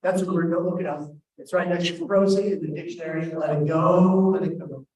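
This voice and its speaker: Animated man telling a comic story in a hall. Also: fairly high pitch. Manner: animated, self-deprecating, quick delivery. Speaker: keynote speaker, host. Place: large event hall. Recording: echoey hall from far off.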